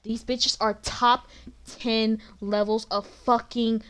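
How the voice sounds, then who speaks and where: A young woman streaming a game, commenting with profane, excitable, incredulous outbursts. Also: fairly high pitch, slow pace, clean tone. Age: young adult.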